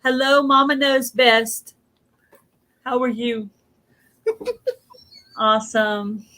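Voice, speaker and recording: A Southern American woman hosts a casual livestream chat in a high, bright voice. She talks in a flustered way, laughing and exclaiming often. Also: fairly even intonation, drawn-out words. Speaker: livestream host.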